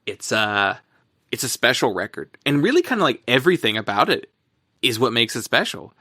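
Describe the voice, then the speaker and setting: A man co-hosting a podcast, talking about music in a rambling, casual way, full of fillers and quick laughs. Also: medium pitch, very animated, pushed and bright, no echo, studio quality. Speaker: podcast co-host.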